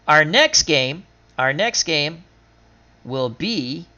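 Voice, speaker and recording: A man's voice: fairly high pitch, bright, forceful tone. Chatty man recapping a game. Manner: chatty, recaps stats in quick lists, laughs at his own losses. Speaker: game streamer. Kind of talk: casual stream commentary. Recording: dull lo-fi sound.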